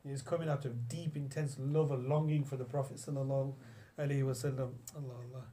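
A man's voice: medium pitch, level tone, quick pace, dark tone, slight background noise. A young man from England teaching a religious class, storytelling in a chatty way with many restarts and recited Arabic phrases. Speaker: Islamic teacher. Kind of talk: classroom lesson on hadith.

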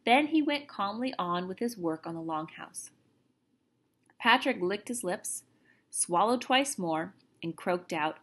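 A woman, a teacher, reading a chapter book aloud with expressive, lively narration. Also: fairly low pitch, measured pace. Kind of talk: storybook read-aloud.

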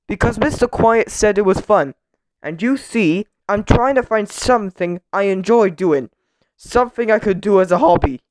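A woman's voice: on the high side, sing-song, unhurried, hardly any pauses, a little mellow, dry recording, voice pushed up. A woman voicing a grumpy, complaining little male character in a children's storybook, in a raised, whiny voice. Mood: grumbling. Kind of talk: storybook read-aloud.

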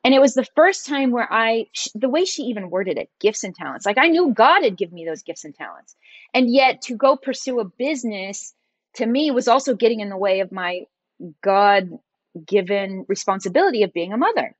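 A middle-aged woman, a guest on a podcast, recounts her story with animated warmth at a middling pitch. Her voice is recorded close and dry, with no room sound. She slips into the voices of the people she quotes as she goes. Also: moderate pace, no room sound. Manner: animated, acts out quoted dialogue in her stories. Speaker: podcast guest, entrepreneur and designer. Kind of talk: storytelling interview conversation.

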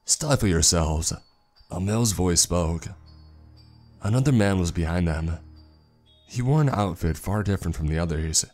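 A man reading a horror story aloud in a slow, grave scripted narration. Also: low voice, a little mellow. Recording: narration with faint music.

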